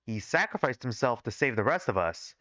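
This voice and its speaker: A needling student throwing out hard accusations at a trial, read aloud by a man from his fan fiction. The voice stays at a middle pitch but rises and falls a great deal. The audio is dull and dry. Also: big pitch swings, a little fast, bright, forceful tone, dry recording. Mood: provocative.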